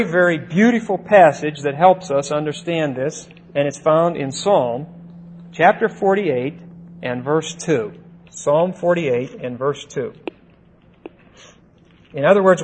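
A man walks his listeners through scripture verse by verse at an unhurried, measured pace. His voice sits a touch high for a man, and he leans on key words and keeps asking "see?" and "okay?" as he goes. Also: breathy edge, low-quality recording. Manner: deliberate, checks in with "see?" and "okay?"; stresses single words by slowing and rising. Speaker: Bible teacher. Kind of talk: verse-by-verse Bible teaching.

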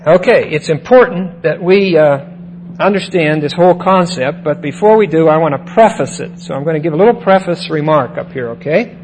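A man's voice: a little high, fairly quick, darkish tone, a little hiss or hum, low-quality recording. A man teaching a Bible lesson in a sermon style, who often repeats key phrases and checks in with his listeners.

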